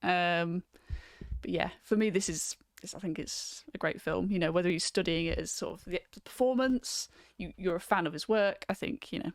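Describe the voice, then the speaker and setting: A woman's voice: on the low side, moderate pace, no room sound. Brief: woman, stream host, chatty and loose, dry close sound. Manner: chatty, reads out viewer comments, frequent ums. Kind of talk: casual chat on a livestream.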